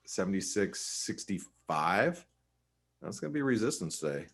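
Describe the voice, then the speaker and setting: Low-voiced man giving casual chart commentary. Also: big pitch swings, moderate pace, husky. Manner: casual, chatty, talks straight to viewers; frequent restarts and filler. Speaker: host and market analyst. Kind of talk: live webinar chart commentary.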